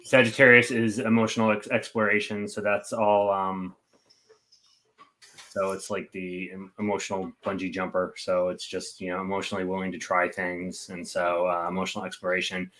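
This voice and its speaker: Co-host, man, very low voice, bright edge, rambling delivery. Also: little pitch movement, normal speed. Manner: rambling, full of "like" fillers. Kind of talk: casual chat.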